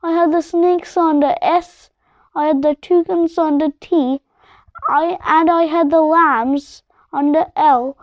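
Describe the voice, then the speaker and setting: A grumpy monster from a storybook who is obsessed with filing, as a woman reading aloud puts him on, growling his words out slowly and roaring at times. The voice sits quite high and the recording sounds dull and lo-fi. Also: no echo. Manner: slow growling roar.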